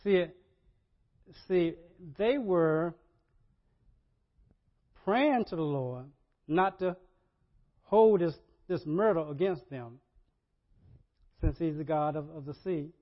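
Animated preaching man, slightly high voice. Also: slow, long pauses. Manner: animated preaching, repeats words, rising to loud emphasis. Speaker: pastor. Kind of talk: sermon. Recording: dull lo-fi sermon audio.

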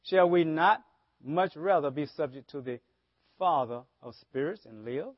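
A man's voice: fairly high pitch, unhurried, no echo. A man preaching a sermon as pastor, often asking the congregation rhetorical questions. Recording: dull lo-fi sermon audio.

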